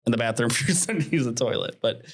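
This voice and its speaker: A man in his thirties hosting a podcast, chatty and animated, telling stories and laughing often. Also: medium pitch, quick pace. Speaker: podcast host. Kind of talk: casual interview chat.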